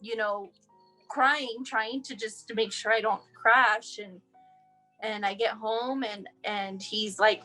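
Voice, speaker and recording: A woman's voice: medium pitch, steady tone, slow pace, pushed and bright, faint music behind, low-quality recording. A young woman from El Paso, Texas, telling her child's story in an interview, acting out the dialogue with many restarts. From El Paso, Texas, USA. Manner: emotional, acts out quoted dialogue, frequent restarts.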